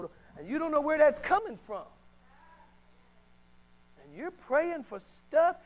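A middle-aged man preaching a sermon as a pastor, swinging between hushed and loud delivery. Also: extremely high pitch, low-quality recording.

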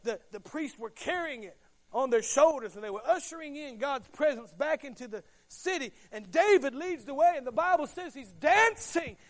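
A man preaching a sermon, emphatic and repetitive, swinging from hushed to shouting. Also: very high voice. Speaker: pastor.

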